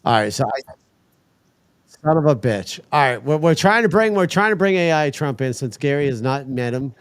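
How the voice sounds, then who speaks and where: A man's voice: medium pitch, lively intonation, moderate pace, smooth, dry recording. Man muttering through tech trouble on stream. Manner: muttering while troubleshooting, swears in frustration. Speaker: livestream host. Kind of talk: casual livestream chat.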